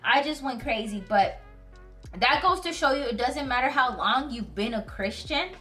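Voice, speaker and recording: A woman giving an earnest, casual Bible talk to her viewers, telling it with lively, slangy storytelling and plain emotion. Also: high-pitched, normal speed, recorded from a distance, faint music behind. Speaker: Christian video host.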